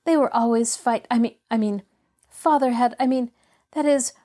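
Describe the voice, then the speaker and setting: A woman's voice: on the high side, normal speed, warm tone, natural voice. A woman reading a storybook aloud, voicing an eager, cheerful little girl who chatters on.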